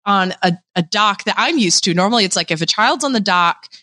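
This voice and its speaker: A woman's voice: medium pitch, animated, fairly quick, bright, forceful tone. A woman co-hosting a casual chat, telling the story with laughs and playful quoted voices. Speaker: podcast co-host. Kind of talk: casual chat recapping a show.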